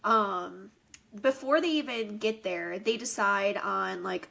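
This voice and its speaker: A woman's voice: mid-range voice, measured pace, vocal fry, fairly bright tone. A woman co-hosting a podcast, chatting about a film with enthusiastic, gushing asides. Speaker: podcast co-host. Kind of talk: casual chat recapping a film.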